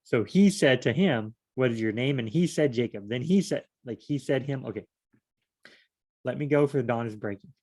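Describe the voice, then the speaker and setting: At a moderate pace, a medium-pitched man leads a casual solo Bible study. He reads a passage out loud and then pauses to puzzle over it in a relaxed, questioning way, nothing like a formal sermon.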